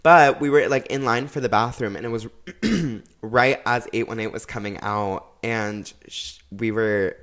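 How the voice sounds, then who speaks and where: A man's voice: fairly low pitch, unhurried, few pauses. A young man co-hosting a podcast in casual chat, talking in a chatty, filler-heavy way and acting out quotes as he tells stories. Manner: chatty, many fillers, animated storytelling with put-on quotes. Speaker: podcast co-host.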